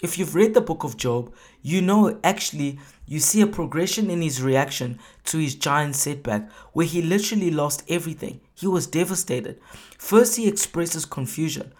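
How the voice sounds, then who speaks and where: A preacher delivers a sermon with steady emphasis. Rhetorical questions drive the talk forward, and the quoted prayers come out louder and more animated than the surrounding speech. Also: mid-range voice, normal speed.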